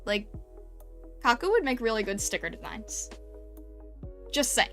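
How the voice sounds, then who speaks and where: A woman's voice: fairly high pitch, sing-song, unhurried, fairly bright tone, soft background music. A woman streamer chatting casually and gushing over fan art, full of fillers and little laughs. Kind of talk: casual live-stream chat.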